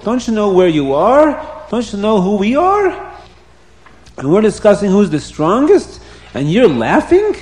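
A man's voice: high-pitched, huge pitch swings, measured pace, a little mellow, pitched above the performer's own voice, heavily acted. A man putting on indignant, incredulous world leaders. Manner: incredulous, questioning. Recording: roomy echo.

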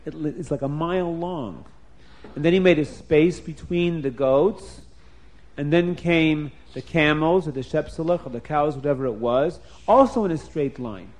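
A man telling a story to children in a lively, emphatic way, changing his voice often. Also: a little high, normal speed.

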